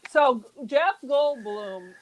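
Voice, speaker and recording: A woman's voice: high voice, expressive, extremely slow, a loud crowd. A woman co-hosting a podcast in casual chat, blunt and joking with strong opinions. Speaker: podcast co-host.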